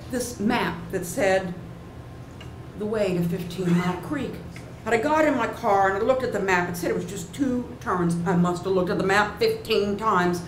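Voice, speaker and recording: A woman storyteller performing a personal tale live on stage, animated and playful, acting out sounds and voices. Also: medium pitch, far from the mic. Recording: roomy live hall with audience noise.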